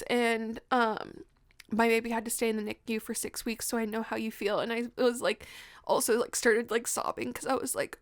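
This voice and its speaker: Young woman host, higher-pitched, tearful storyteller who laughs through her tears. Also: steady tone, moderate pace. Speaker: podcast host telling her birth story. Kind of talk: emotional personal storytelling.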